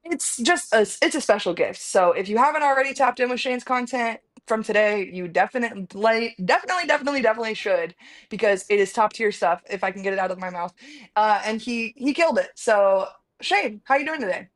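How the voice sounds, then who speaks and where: Bubbly high-voiced woman host. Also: lively intonation, brisk. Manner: bubbly, chatty, repeats words. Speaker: podcast host. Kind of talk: casual sports chat. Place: remote, apart from the studio.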